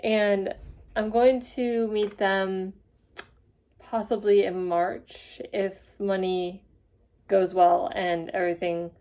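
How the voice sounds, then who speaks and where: A young woman telling a rambling, gushing story in a casual vlog, excitable and quick to get carried away. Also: medium pitch. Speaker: vlogger.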